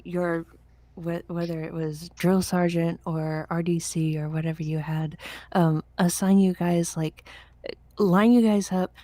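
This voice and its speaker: A woman's voice: on the low side, steady tone, a little slow, dark tone, dry recording. A woman, a veteran, recalling boot camp in rambling casual chat with many restarts. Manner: rambling, full of fillers and restarts. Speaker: veteran podcast guest.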